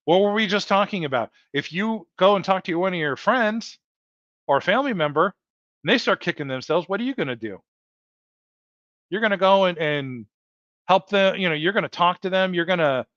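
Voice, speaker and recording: An earnest man hosts a heartfelt motivational livestream, circling back over his points and calling the audience folks. His voice sits a touch high. The sound is dull and lo-fi, with a dry, close feel. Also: animated, normal speed, fairly bright tone, no echo. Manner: earnest, repetitive, addresses viewers as folks. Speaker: livestream host.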